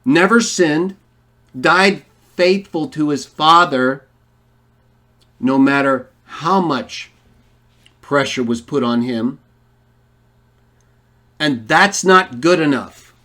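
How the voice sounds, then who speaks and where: A man's voice: a little high, a bit bright. A man giving a polemical Bible lesson, arguing emphatically and posing rhetorical questions to his listeners. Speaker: online Bible teacher.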